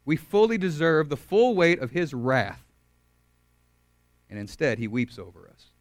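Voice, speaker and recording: A man's voice: fairly high pitch, sing-song, measured pace, no echo. Earnest young man preaching, dry close sound. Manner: earnest, swings from loud emphatic to soft and quiet. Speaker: campus ministry speaker. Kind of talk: sermon.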